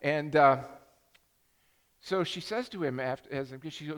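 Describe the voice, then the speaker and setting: A man's voice: a little high, lively intonation, measured pace, smooth, in a large hall. An older man preaching a sermon as pastor, telling stories with many restarts and self-deprecating jokes. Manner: rambling storytelling with many restarts and asides. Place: church sanctuary.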